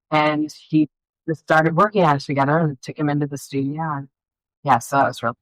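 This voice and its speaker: Middle-aged woman, low voice, dry close sound, rambling animated storytelling, filmmaker guest. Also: a little fast, dry recording, poor audio. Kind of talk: casual interview chat.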